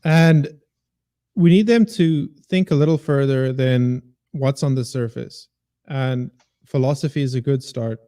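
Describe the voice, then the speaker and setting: A man's voice: mid-range voice, measured pace, warm tone. A man who teaches, a guest on a casual podcast, making his points with emphatic repetition and a preachy tone.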